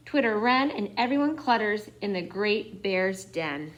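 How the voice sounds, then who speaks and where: A young woman reading a picture book aloud for children, expressive and dropping into whispers. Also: medium pitch, measured pace, slight background noise. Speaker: storyteller.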